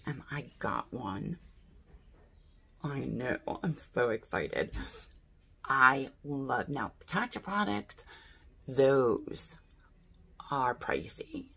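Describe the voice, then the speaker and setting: A woman's voice: rumbling low, a bit bright, slight background noise. A woman chatting casually through a beauty box unboxing, thinking aloud and asking her viewers what she should do. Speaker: beauty vlogger.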